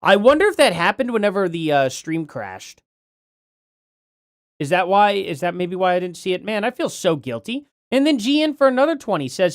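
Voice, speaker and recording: A man's voice: high voice, big pitch swings, moderate pace, no echo, studio quality. A man hosting a casual livestream, chatting and reading out donations, his words a little slurred from a bitten tongue. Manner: chatty, reads donations aloud, apologetic. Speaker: livestream host.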